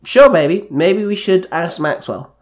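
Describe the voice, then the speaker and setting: An easygoing, cheerful wife chatting in a light, lifted voice, as a male storyteller puts her on. The pitch rises well above the reader's usual tone, giving her a soft, friendly storybook lilt. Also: animated, a little slow. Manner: light, raised voice. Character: cheerful wife running a flower shop.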